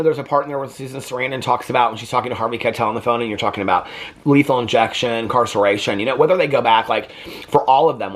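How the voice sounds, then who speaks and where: A man in his fifties hosting a casual movie review vlog, talking in a chatty, rambling and heartfelt way. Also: fairly low pitch. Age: 50s. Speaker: host.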